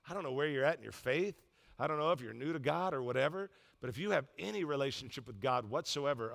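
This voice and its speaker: A man pastor preaching a sermon in a church, telling a story with lively call-and-response to the congregation. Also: a little high, vocal fry. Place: church auditorium.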